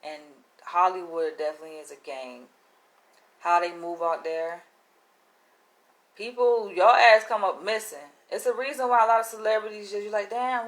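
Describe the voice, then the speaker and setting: A woman's voice: medium pitch, fairly bright tone. Slangy, emphatic woman vlogger. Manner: slangy, emphatic, profane, conspiratorial. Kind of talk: casual monologue to camera.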